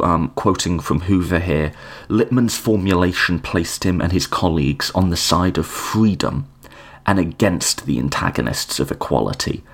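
A man's voice: deep voice, husky. An English man with an English accent giving an unscripted lecture, thinking aloud with frequent ums and restarts. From England.

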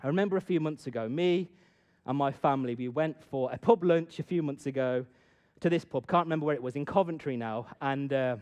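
A middle-aged man telling a personal story to an audience and drawing a lesson from it, swinging from loud bursts to hushed asides. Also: medium pitch, fairly quick, hardly any pauses, highs cut off. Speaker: speaker addressing an audience. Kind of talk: storytelling talk with a moral.

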